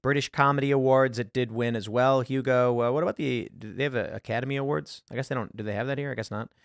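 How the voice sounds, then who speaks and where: A podcast host with a medium-pitched, steady, creaky voice talks fast on his casual talk show, rambling about films, searching things online, and acting out lines. The recording is clean studio sound with no echo.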